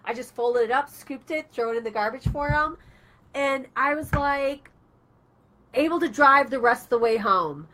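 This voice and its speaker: Brief: woman radio host, bright and a bit high, chatty storyteller. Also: normal speed. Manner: chatty, animated storytelling with acted-out quotes. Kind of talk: casual talk radio chat.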